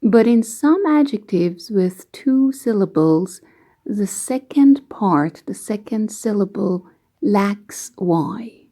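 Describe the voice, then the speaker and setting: A woman explaining English grammar rules slowly and patiently, giving example sentences as an online teacher. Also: mid-range voice, animated, mellow. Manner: slow, careful, patient explaining.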